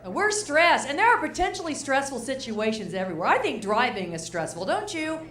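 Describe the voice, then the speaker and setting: A woman's voice: high voice, sing-song, a little fast, fairly bright tone. An older woman performing a stand-up routine on stage, chatty and asking the crowd questions, now and then acting out the people she talks about. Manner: chatty, asks the crowd questions, acts out characters. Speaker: stand-up comedian. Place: comedy stage before a live audience. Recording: roomy live venue.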